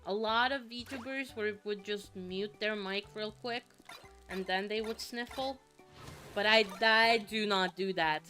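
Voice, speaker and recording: A woman's voice: medium pitch, a little slow, pushed and bright, faint music behind. A young woman from Finland chatting casually while streaming a game, rambling with lots of fillers and a slight sniffle. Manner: rambling, chatty, with frequent fillers and sudden swearing. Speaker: vtuber streamer. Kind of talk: casual gaming stream chat.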